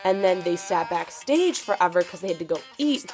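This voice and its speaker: A teenage girl telling a story on her vlog in an excitable, gushing way, full of "like" fillers. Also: fairly low pitch, moderate pace. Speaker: vlogger. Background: background music.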